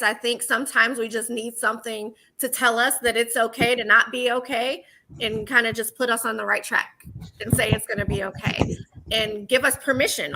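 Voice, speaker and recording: A woman with a somewhat high, bright voice hosts a talk show. She guides the conversation in a measured way, with an occasional filler. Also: rough recording. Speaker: host. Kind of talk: hosting a web talk show.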